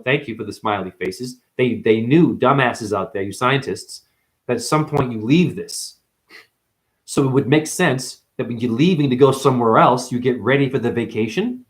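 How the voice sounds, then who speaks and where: Guy rambling on a livestream, swearing a lot, voice jumping up high out of nowhere, mid pitch. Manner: profane, rambling, with sudden jumps in pitch. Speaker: spiritual vlogger.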